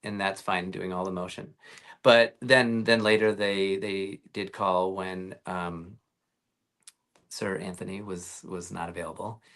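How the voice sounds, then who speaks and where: A man's voice: low-pitched, little pitch movement, unhurried, fairly bright tone. A man talking as a guest actor in a casual interview, telling rambling stories with lots of fillers and restarts over a video call.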